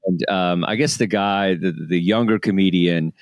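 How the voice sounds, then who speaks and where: A man's voice: deep voice, normal speed, no echo, highs cut off. A man with a Texan accent, hosting a podcast in casual chat, rambling with many restarts and frequent laughs. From Texas, Dallas-Fort Worth area. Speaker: podcast host.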